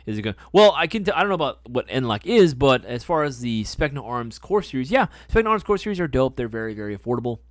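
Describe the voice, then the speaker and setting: A young man hosting a casual live stream, talking loose and slangy, with the odd swear and a habit of saying things twice. His voice sits at an everyday middle pitch. The sound is close and dry. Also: very animated, fast, hardly any pauses, no room sound. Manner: laid-back, slangy, swears, repeats phrases. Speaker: livestream host answering chat.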